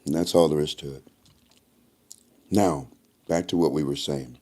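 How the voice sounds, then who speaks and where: A man's voice: rumbling low, fairly even intonation, moderate pace, darkish tone. A man vlogging to his viewers in a casual, rambling monologue, repeating himself often and making chatty asides. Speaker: YouTube vlogger.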